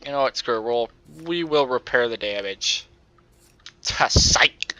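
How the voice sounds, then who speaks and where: A young man with a nasal voice and a bright edge to it talks through a racing game on a cheap microphone. He rambles in loose, excitable bursts and breaks off to curse at what happens on track. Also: medium pitch, measured pace, clear, resonant tone, dry recording. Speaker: gaming YouTuber. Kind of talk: casual gameplay commentary.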